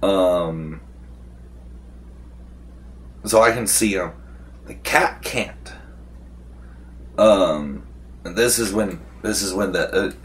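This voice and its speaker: A young man casually recapping a tabletop role-playing session, rambling with fillers and restarts and acting out what the players said. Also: sits low. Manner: acts out the game master's and players' lines.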